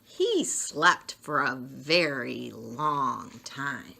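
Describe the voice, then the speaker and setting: A woman reading a children's picture book aloud with a very expressive, sing-song delivery. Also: very deep voice, extremely slow, vocal fry, a little hiss or hum. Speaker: storyteller. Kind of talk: children's story read-aloud.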